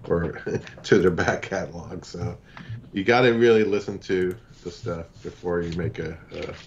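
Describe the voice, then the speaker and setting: A man with a low, deep voice talks casually and hesitantly, filling gaps with fillers and restarting his sentences. His voice comes through a dull, muffled line with faint noise underneath. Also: unhurried. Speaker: podcast panelist. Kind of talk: casual chat.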